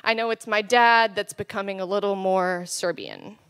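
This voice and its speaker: A woman's voice: medium pitch, normal speed, a bit bright, clear, resonant tone. A teenage girl performing a comic spoken word story as a student slam poet. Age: teens. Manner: storytelling, playful comic timing.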